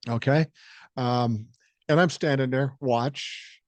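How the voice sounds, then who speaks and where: A man's voice: mid-range voice, expressive, slow, long pauses, no echo. An older man with a Minnesotan accent hosting a solo podcast, telling a profane story and acting out the quotes. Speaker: podcast host. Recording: dry, slightly dull podcast mic.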